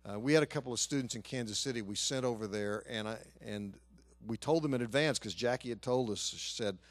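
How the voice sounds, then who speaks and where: A man as a pastor, telling a story in an earnest sermon and lively when quoting others. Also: mid-range voice, fairly quick, no room sound.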